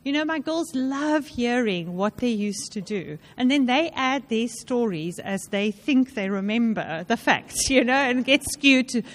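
A woman speaking during a sermon, sharing personal stories in a chatty way. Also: on the high side.

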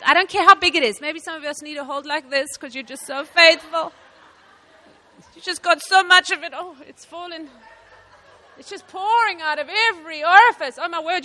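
A woman from South Africa giving a sermon to women, telling stories with animated laughs. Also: sits high, in a large hall. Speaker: women's ministry speaker.

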